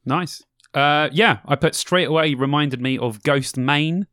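A young man's voice, pitched on the high side, a little slow and slightly bright, comes through in a clean studio recording with no room sound. He co-hosts a podcast, chatting casually about festival bands and rambling through explanations of music styles with plenty of ums.

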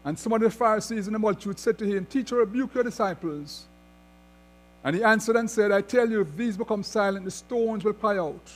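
A man's voice: sits high, brisk, soft background music. A man preaching a sermon, reading scripture aloud and then expounding on it with rising emphasis. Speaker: pastor.

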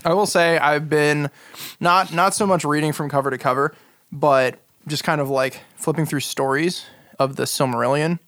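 Casting: male game master, slightly high voice, dry close mic, rambling casual chat. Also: no echo. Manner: rambling, hesitant, fast when excited. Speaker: dungeon master.

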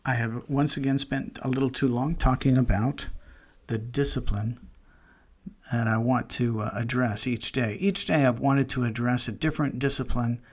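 A man guides listeners through a quiet devotional meditation on scripture. His pitch sits in an ordinary middle range, and he speaks gently and earnestly. He stops mid-phrase and circles back as he thinks aloud. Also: steady tone. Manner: slow, reflective, gently earnest; pauses mid-phrase, restarts thoughts.

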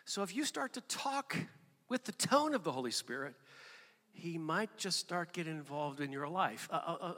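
Animated preaching man in a reverberant hall. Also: high-pitched. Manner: animated preaching, rising to emphatic bursts. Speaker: pastor. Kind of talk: sermon.

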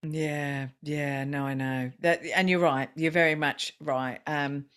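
A woman's voice: low-pitched, fairly even intonation, takes it slowly, fairly bright tone, clear, resonant tone. A woman hosting a podcast, chatting casually with lots of ums and self-deprecating asides. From Australia. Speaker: podcast host. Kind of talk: casual interview chat.

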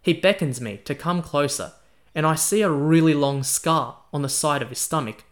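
A chatty male podcast host narrating a history story as a first-person tale. His voice sits a little high, with a bright, forceful tone. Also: normal speed. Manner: chatty, casual, uses slang.

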